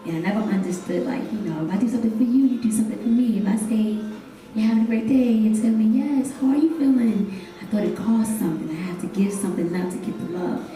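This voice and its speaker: A woman's voice: mid-range voice, fast, distant mic, soft background music. Woman, young adult, spoken word poet, rhythmic refrains, call-and-response, heard from afar in a very echoey room. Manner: intense, rising into loud dramatic gasps and cries. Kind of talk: live spoken word poetry performance. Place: hotel event stage, live audience.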